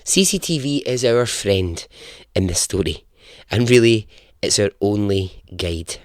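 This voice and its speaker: Unhurried male podcast storyteller, dry sound. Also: on the low side, expressive, dry recording. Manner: chatty, self-deprecating, chuckles at his own jokes. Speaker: podcast host. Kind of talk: casual storytelling narration.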